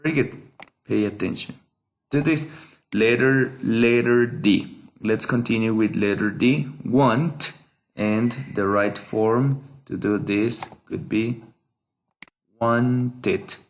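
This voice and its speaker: A man teaches English from a workbook, his voice sitting slightly low. He moves slowly and patiently, repeating each verb form so learners can copy the sound. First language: Spanish. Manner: slow, patient, repeats each word for pronunciation. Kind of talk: workbook lesson walkthrough.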